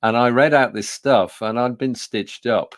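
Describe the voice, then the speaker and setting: Unhurried and mid-range in voice, a man in his 60s from Birmingham, England, delivers a storytelling business talk to an audience. As a public speaking trainer, he tells self-deprecating stories with frequent fillers and restarts, recorded cleanly in a studio without room sound.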